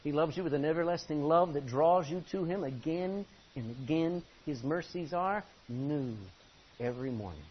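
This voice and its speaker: A male pastor preaching a sermon from the front of a church, impassioned, swinging from loud pleading to low intensity. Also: moderate pace. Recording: dull lo-fi recording with faint hiss.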